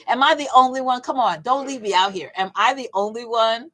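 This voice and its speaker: A woman coach leading a casual Bible teaching session, talking in a lively, conversational way with emphatic repeats and playful asides. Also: fairly high pitch, a little fast, poor audio. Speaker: fitness coach and faith session leader.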